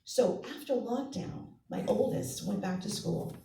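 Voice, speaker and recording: On a comedy club stage, a woman from Massachusetts with two kids spins chatty family tales and impersonates her family. She speaks a little slowly in a medium, creaky voice with a dark tone. The mic picks her up from a distance in the echoey room.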